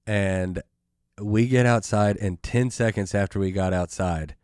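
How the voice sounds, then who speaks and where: A young adult man, a comedian hosting his own podcast, telling a story in a casual, animated way with lots of filler words. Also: on the low side, smooth, dry recording, clean studio sound. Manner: animated, fast, full of "like" and "dude".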